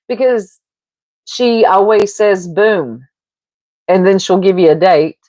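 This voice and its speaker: A woman streamer chats casually and unhurriedly with her viewers, gossiping, rambling from one thread to the next and breaking into laughs. Her voice sits at an ordinary mid pitch and sounds dry and close to the mic. It comes across as a relaxed home streaming setup. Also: slow, dry recording. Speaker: livestreamer. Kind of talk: casual livestream chat.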